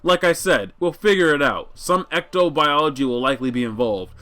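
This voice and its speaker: A man voicing a sardonic teenage girl, in a measured, wordy manner. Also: fairly high pitch, lively intonation, bright, forceful tone. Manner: measured, wordy, self-deprecating.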